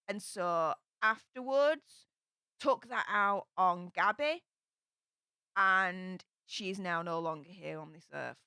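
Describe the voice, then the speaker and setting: A young Yorkshire woman talks casually on a live stream and reads out viewer comments, with lots of ums between thoughts. Her voice is bright and crisp. The recording is dry and close, with no room sound. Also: mid-range voice, no room sound. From England.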